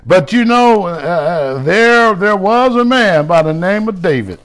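A middle-aged man preaching a sermon, animated, with shouted exclamations and slow, drawn-out scripture reading. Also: sits high. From United States. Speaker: bishop and pastor.

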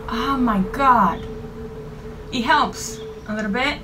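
A young woman talks through a spooky game in a slow, jittery ramble, her voice a little high and her words dropping to mutters when she gets scared. She sits away from the mic, and steady background noise runs under her talk. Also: distant mic. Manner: nervous, swearing, talking to viewers. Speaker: gaming vlogger. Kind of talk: casual reaction commentary.

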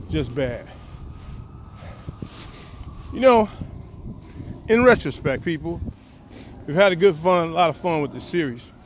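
A man's voice: a little high, lo-fi sound. A man telling a personal story while walking outdoors, acting out what people said. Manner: animated storyteller, acts out quotes. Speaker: poet and vlogger. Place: outdoors on a windy walk. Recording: faint wind and outdoor noise.

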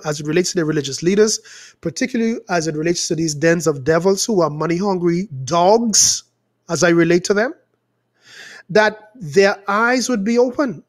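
A man preaching as a pastor, praying and exhorting his listeners in a fervent voice that rises and falls, stretching words for emphasis. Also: high-pitched. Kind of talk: preaching prayer and sermon.

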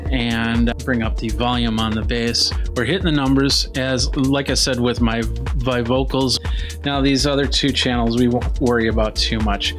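A man giving a casual product demo, explaining each control step by step in a relaxed, chatty way. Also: mid-range voice. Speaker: tech reviewer.

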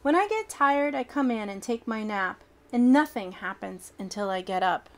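A woman reading a children's picture book aloud in an expressive, childlike storytelling manner. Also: fairly high pitch, normal speed.

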